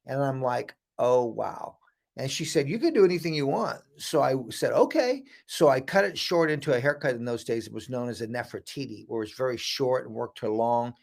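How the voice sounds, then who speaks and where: A middle-aged man from the United States, a guest telling an animated story and acting out the voices of the people in it. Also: mid-range voice, fairly quick, gravelly. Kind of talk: storytelling interview.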